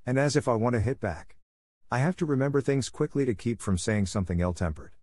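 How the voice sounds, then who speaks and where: A man doing a steady, coaxing young girl. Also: mid-range voice, fast, no echo, clean studio sound, voice pushed up, natural voice. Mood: confiding. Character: spirited, kindly young schoolgirl.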